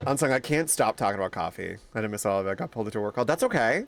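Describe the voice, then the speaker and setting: A young man streaming, chatting casually with his viewers, telling animated stories and greeting them by name. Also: on the low side, rapid-fire, no room sound.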